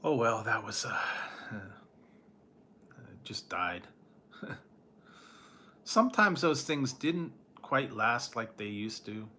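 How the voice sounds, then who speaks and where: A man's voice: medium pitch, expressive, takes it slowly, pushed and bright, slight background noise. A man chatting casually as a food reviewer, rambling, trailing off, and chuckling often between remarks. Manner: nostalgic, trails off and restarts. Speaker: food reviewer reading live chat. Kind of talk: casual chat.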